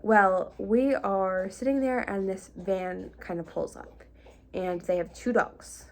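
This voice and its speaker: Chatty young woman with a gravelly edge. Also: medium pitch, fairly even intonation, takes it slowly, darkish tone. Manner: chatty, lots of likes and ums, half-laughing. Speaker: vlogger. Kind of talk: casual storytime vlog.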